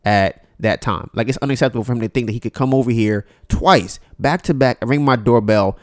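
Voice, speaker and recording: A man's voice: mid-range voice, a little fast, no room sound, studio quality. A man hosting a podcast, telling a story in a casual monologue and acting out both sides of it. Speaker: podcast host.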